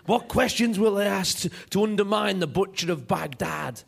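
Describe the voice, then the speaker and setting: A man voicing a self-important captive male dictator in a low, pompous tone, in a noisy live club recording. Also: animated, moderate pace, creaky, husky, heavily acted.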